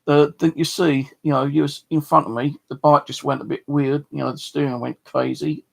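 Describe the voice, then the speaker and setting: Speaking to camera for his channel, a middle-aged southeast English man rambles through stories and swears without restraint. His voice runs on the high side and creaky, with flat delivery at a normal speed.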